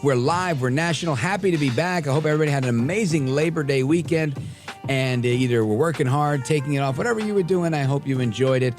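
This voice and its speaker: Brief: gravelly, dry-sounding talk radio host, casual and sarcastic, heavy on "uh" fillers. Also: male voice, medium pitch, a little mellow, no echo. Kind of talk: live talk radio commentary. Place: radio studio.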